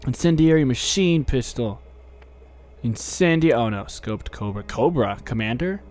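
A man's voice: medium pitch, lively intonation, a little slow, darkish tone. A man giving goofy, rambling commentary while playing a video game, his voice worn out from a day of talking, keeping it down because people are asleep and joking at the enemies on screen. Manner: rambling, jokey, talks back at game enemies. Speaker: let's play commentator.

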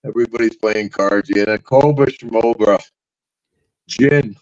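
Lo-fi animated older storyteller man. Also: on the low side, a little slow. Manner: animated yarn-spinner, laughs through stories, acts out voices. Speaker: podcast host, former pro wrestler. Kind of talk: casual storytelling chat. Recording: dull lo-fi audio.

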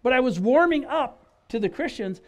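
A man from Wisconsin giving his personal testimony in an animated storytelling style, acting out dialogue and restarting his phrases often. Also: very high voice, normal speed. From Wisconsin, USA.

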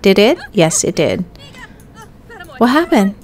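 A young woman giving casual let's-play commentary, chatting to her character and viewers and bursting into excited yelps. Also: medium pitch, slow, faint music behind. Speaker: gaming YouTuber.

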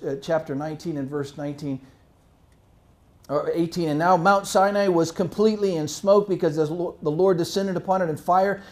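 A male pastor preaching a sermon, animated and full of rhetorical questions to his congregation. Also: fairly high pitch. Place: church.

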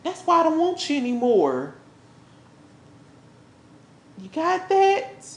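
A woman's voice: high-pitched, huge pitch swings, takes it slowly, full character voice. A woman playing an angry woman who scolds and curses her man while throwing him out, in an improvised role-play. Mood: furious. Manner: scolding, cursing, repetitive. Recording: roomy echo.

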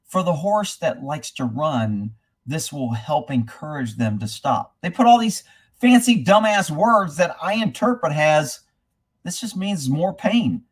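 Husky-ish guy ranting on a live horse stream, swears a lot, reads out comments. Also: a little high. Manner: blunt, ranting, swears freely; reads viewer comments aloud between rants. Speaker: livestream host answering horse questions. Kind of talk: casual live-stream rant.

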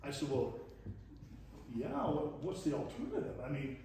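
A fairly high-voiced man preaching a leadership lesson, spinning stories with a folksy chuckle and playing out each character's lines. He is picked up from some distance across a very echoey church room, with a faint hum of ambience underneath. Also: sing-song, normal speed, warm tone. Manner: folksy, chuckling storyteller voicing dialogue. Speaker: pastor teaching leadership. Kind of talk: storytelling sermon lesson. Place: church hall.

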